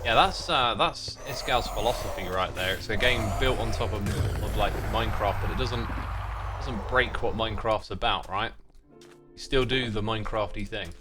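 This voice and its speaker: A man's voice: lowish voice, normal speed, over music. A man streaming a game, chatting casually, reading viewer messages aloud and thanking supporters. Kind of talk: casual livestream chat while playing.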